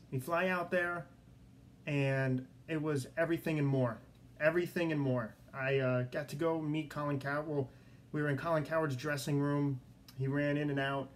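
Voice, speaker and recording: A young man hosting his own sports podcast in a studio, talking excitedly and repeating himself as he tells a story. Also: medium pitch, slight background noise. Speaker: podcast host. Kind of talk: solo podcast monologue.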